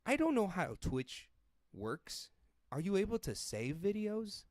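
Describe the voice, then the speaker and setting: A man's voice: sits high, sing-song, a little slow, darkish tone, no echo, studio quality. A man co-hosting a podcast in casual chat, joking around and swearing freely. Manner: jokey, playful, swears casually. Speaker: podcast co-host.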